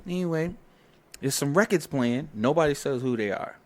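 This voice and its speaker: Animated man telling studio stories. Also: on the high side, moderate pace. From New York. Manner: animated storyteller, acts out quoted voices, swears freely. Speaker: guest, record producer. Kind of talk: casual storytelling interview.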